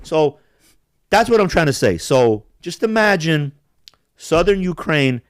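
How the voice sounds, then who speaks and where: A man tears through a casual podcast rant, heated and profane, breaking into mimicked accents along the way. His pitch swoops up and down with lively energy. The sound is dry and close, with no room around it. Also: unhurried, smooth, no echo. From Balkans. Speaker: podcast host.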